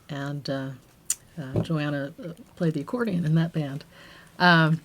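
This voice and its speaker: A woman's voice: low voice, slight background noise. A woman songwriter casually telling the story behind one of her songs, chatty and anecdotal. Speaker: songwriter and musician.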